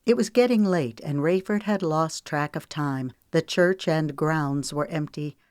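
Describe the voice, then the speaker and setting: Low-voiced woman reading a novel. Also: a little slow, a little mellow, dry recording, clean studio sound. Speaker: author reading her novel. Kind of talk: audiobook narration.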